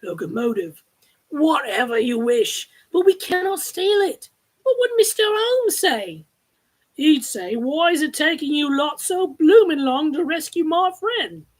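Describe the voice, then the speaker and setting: A woman's voice: high-pitched, sing-song, poor audio. Woman doing a bold, determined young man. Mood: resolute. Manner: firm, brisk, decisive.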